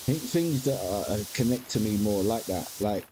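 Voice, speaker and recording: A man's voice: fairly low pitch, animated, normal speed, noisy background. A man, chatting candidly as a game streamer, rambling with frequent restarts and casual swearing. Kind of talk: casual chat while gaming.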